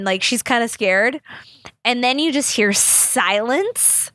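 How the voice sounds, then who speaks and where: This young woman hosts a podcast, her voice a little high and fairly bright with lively intonation and a slightly slow delivery. She tells stories in a chatty, rambling way, swears freely, and acts out the people she quotes in big voices. The recording is dry.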